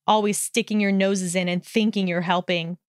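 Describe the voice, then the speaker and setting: A woman's voice: mid-range voice, fairly even intonation, normal speed, smooth, no echo, studio quality, lightly acted. A woman voicing a hot-tempered young male wizard in a storybook reading, snarling and sneering. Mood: scornful.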